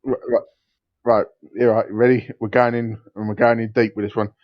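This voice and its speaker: A man co-hosting a podcast, slowly building up his pun jokes and chuckling at them. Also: on the low side, level tone, no echo. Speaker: podcast co-host. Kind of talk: casual banter. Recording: dull, dry lo-fi mic.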